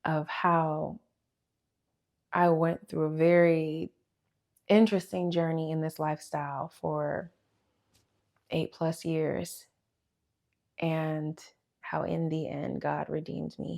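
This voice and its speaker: Low-voiced woman giving an emotional testimony. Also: level tone, creaky, darkish tone. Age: young adult. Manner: heartfelt, with sighs and pauses, holding back tears. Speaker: vlogger sharing a testimony. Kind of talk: emotional personal testimony to camera.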